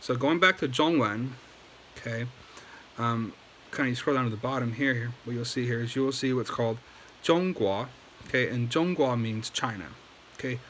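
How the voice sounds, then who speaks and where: A man's voice: medium pitch, brisk, fairly bright tone, a little hiss or hum, poor audio. A man giving a casual language lesson at home at night, patiently explaining and checking in with okay after each point. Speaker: Chinese language teacher.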